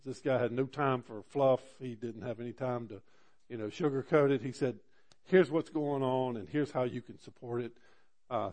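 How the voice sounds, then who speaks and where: A man's voice: mid-range voice, a little mellow. A man preaching a sermon. He tells a story in an earnest, conversational way and builds to fervent emphasis. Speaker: pastor.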